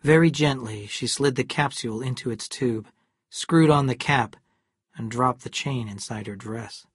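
A narrator reading a novel aloud in a steady, measured storytelling manner. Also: mid-range voice, slightly rough, dry recording, clean studio sound. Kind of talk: scripted audiobook narration.

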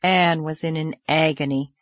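A woman narrating a classic novel aloud in a measured, expressive storytelling voice. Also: sits low, no room sound, lo-fi sound. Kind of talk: audiobook narration.

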